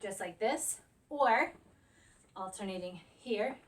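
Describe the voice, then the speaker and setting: A woman's voice: medium pitch, animated, takes it slowly. A woman in her thirties leading a workout while doing it, counting down reps and cheering between breaths. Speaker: fitness instructor. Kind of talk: coaching a workout while exercising. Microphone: camera on a tripod at a distance. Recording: voice from a distance.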